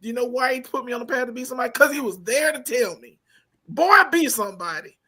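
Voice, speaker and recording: A man co-hosting a casual movie review podcast, ranting animatedly with big swings from loud to quiet. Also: very high-pitched, very fast. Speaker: podcast co-host.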